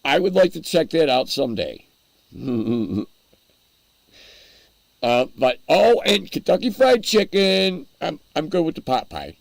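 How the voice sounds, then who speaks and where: A man's voice: a little high, very animated, slow, creaky, dry recording. A man hosting a casual livestream, rambling and chuckling as he answers his chat while eating. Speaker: livestream host.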